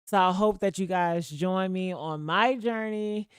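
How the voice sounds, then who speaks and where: A woman hosting a livestream, chatting casually with her viewers in a profane, gossipy way with sudden loud outbursts. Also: lowish voice, unhurried, smooth, dry recording, clean studio sound. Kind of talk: casual gossip commentary to a live chat.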